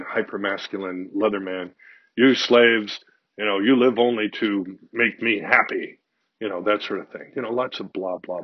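An older man speaks in a low, husky voice, frank and confessional, his storytelling sinking at times to a near-whisper. The sound is dry and close, with a muffled, lo-fi dullness. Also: dry recording. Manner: frank and confessional, swears casually, drops to near-whisper in stories. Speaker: speaker sharing personal views. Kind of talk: candid personal monologue.

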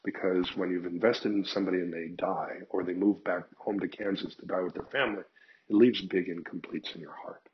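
A man's voice: low-pitched, brisk, highs cut off. An older man telling frank stories in a casual monologue, acting out both sides of conversations. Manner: frank, animated storytelling with acted quotes.

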